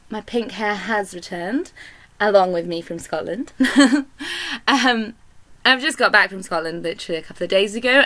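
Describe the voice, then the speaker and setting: A young British woman, an indie author, chatting casually to camera in an animated, giggly and sweary way. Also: medium pitch. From Britain.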